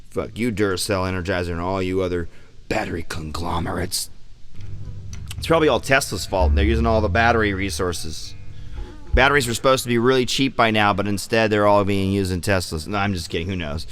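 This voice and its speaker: A man vlogging casually about his bass gear, loose and profane, joking and acting out his own reactions. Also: a little fast, fairly bright tone. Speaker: vlogger and musician. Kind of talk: casual rambling vlog. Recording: music playing behind the voice.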